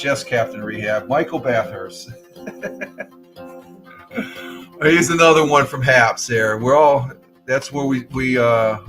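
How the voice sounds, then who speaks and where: A man's voice: mid-range voice, fairly bright tone. A man hosting a casual morning live stream, thanking viewers by name in a rambling way with many ums and uhs.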